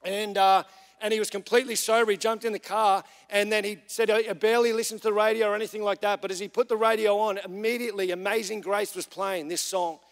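High-voiced man preaching in a reverberant church. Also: steady tone, fast talker. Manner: earnest storytelling with frequent fillers. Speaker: young adults pastor. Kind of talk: church sermon. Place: large church hall. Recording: long reverb of a church hall.

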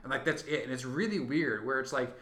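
A young man chats loosely about a movie he loved, rambling and stuffing his talk with fillers. His voice is bright and forward. The room around him rings and echoes. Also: mid-range voice, brisk. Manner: rambling, heavy on "like", acts out scenes in silly voices. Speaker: podcast co-host. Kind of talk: casual movie review chat.

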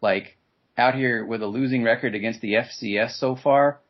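Husky wisecracking man, lo-fi podcast. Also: medium pitch, steady tone. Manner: wisecracking, quick comic asides. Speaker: podcast co-host. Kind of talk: casual comedic sports chat. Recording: dull lo-fi podcast audio.

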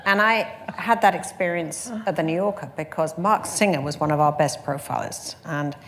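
A woman magazine editor in a panel conversation, telling brisk, chatty anecdotes and laughing often. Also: deep voice, a little hiss or hum.

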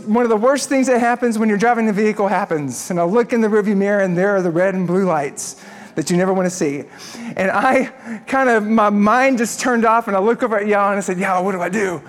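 Male pastor, higher voice, lively humorous storyteller in a sermon. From Texas.

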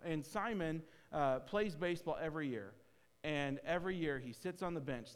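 A man preaching a sermon, telling a story earnestly and often restarting his phrases. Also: fairly high pitch. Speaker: pastor. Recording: hall reverb.

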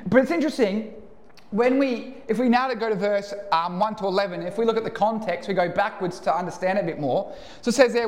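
A man's voice: sits high, fairly quick, darkish tone. A man with an Australian accent preaching a casual, storytelling sermon live in a church. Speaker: pastor. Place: church hall. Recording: echoey church hall, live.

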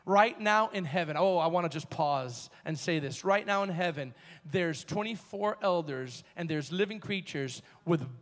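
A man preaching a sermon as pastor, emphatic, with call-and-response and drawn-out key words. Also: sits high, a bit bright. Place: church sanctuary. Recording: long hall reverb.

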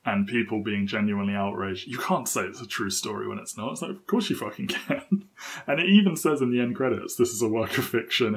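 A man's voice: fairly low pitch, gravelly. A man co-hosting a film podcast in casual, chatty talk, laughing often between points. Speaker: podcast co-host.

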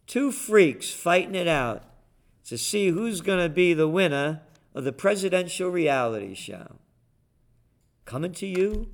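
A man delivers a biting monologue, his voice pitched a little high, jeering at politicians and running through market news. His tone swings between mockery and blunt, rapid-fire opinion. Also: vocal fry. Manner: sarcastic, combative, mocking name-calling. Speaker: political and market commentary host. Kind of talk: ranting monologue commentary.

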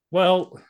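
A man co-hosting a podcast in casual, joking banter, often breaking off and restarting his sentences. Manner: chatty, banter-heavy, self-interrupting. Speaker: podcast co-host. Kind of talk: casual chat.

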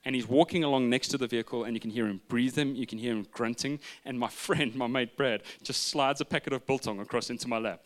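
Guy preaching, jokey storyteller, drops to quiet bits then gets loud again. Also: medium pitch, quick pace, few pauses, slight background noise. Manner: humorous storytelling, shifting from loud asides to hushed retelling. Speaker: pastor. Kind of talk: sermon.

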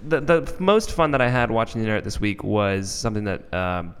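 Low-voiced guy hosting a podcast, lots of ums, echoey hall sound with faint music. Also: big pitch swings, clean tone. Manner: rambling, halting with fillers. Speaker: podcast host. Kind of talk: casual podcast chat.

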